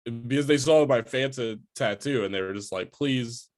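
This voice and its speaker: A man's voice: mid-range voice, moderate pace. A man co-hosting a podcast in casual chat, laid-back with mumbly asides. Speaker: podcast co-host.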